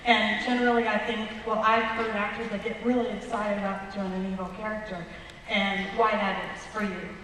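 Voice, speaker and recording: Woman at a fan q&a, politely hesitant question, big boomy hall, background noise. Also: little pitch movement, brisk, fairly bright tone. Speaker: audience member asking a question. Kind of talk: audience Q&A question. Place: large convention hall. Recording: echoey hall from far off.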